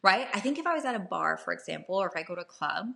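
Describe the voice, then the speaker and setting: A woman's voice: lowish voice, lively intonation, racing, vocal fry, sharp tone. A young woman hosting casual dating advice talk for a live audience, chatty, often checking in with "right?" and acting out short bits of dialogue.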